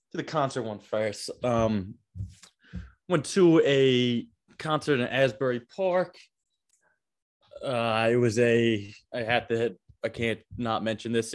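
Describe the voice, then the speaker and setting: A man's voice: medium pitch, no echo, clean studio sound. A man co-hosting a podcast, chatting in a laid-back way and reacting to his friend's stories. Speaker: podcast co-host. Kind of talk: casual chat.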